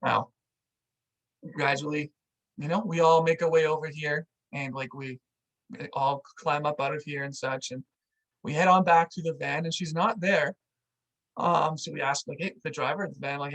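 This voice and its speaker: A vlog host telling a story out loud in a casual, animated way, full of "like"s and acting out what others said. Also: mid-range voice, moderate pace, poor audio. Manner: animated, filler-heavy with many "like"s, acts out what people said.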